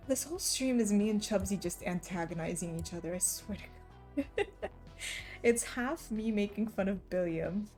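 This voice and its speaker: A woman's voice: medium pitch, lively intonation, normal speed, darkish tone, soft background music. A young woman livestreaming, chatting casually with her audience and teasing them playfully with frequent giggles.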